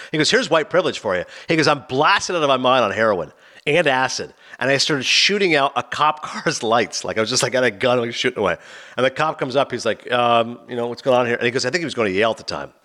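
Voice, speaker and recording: A man talks quickly on a casual podcast, his pitch swinging widely as he spins one story after another. He keeps slipping into quick impressions of the people he describes. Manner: animated storyteller, acts out quoted people. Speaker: podcast co-host. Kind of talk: casual chat, retelling anecdotes.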